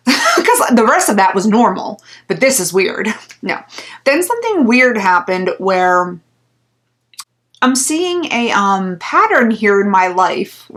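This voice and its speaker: A woman's voice: medium pitch, a bit bright. A woman vlogger telling a story in a casual, chatty way, full of fillers and little laughs.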